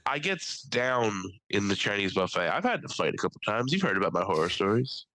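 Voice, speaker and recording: Animated young man telling crude stories. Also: lowish voice, fairly quick, rough recording. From Philadelphia area. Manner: animated storytelling with crude jokes and voices. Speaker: podcast host. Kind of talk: casual chat.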